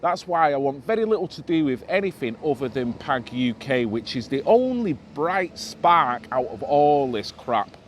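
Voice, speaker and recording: A man's voice: mid-range voice, sing-song, moderate pace, hardly any pauses, a little hiss or hum. A middle-aged man ranting emphatically to camera in a vlog, swearing freely. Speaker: vlogger. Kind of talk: impassioned monologue to camera.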